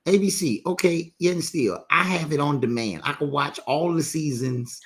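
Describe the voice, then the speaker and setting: A man co-hosting a casual live chat, lively and quick to argue his point. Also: a little high. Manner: lively, argumentative. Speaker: co-host.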